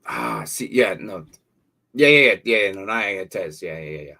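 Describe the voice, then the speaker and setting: This livestream host answers fantasy football questions in a fairly low, sharp-toned voice at a moderate pace. He's animated, reading viewer questions and reasoning aloud with plenty of fillers and repetitions.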